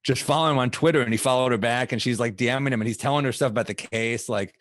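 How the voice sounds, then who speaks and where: A man's voice: medium pitch, racing, a bit bright. Wry man riffing casually. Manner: wry, offhand riffing with frequent swearing. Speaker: comedian podcast co-host. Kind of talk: casual comedic chat.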